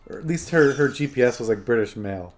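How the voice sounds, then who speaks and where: A man's voice: medium pitch, animated, quick pace, a little hiss or hum. A man streaming a game, chatting casually and rambling to his viewers. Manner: rambling, chatty, talking to chat and his phone. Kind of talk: casual live-stream chat.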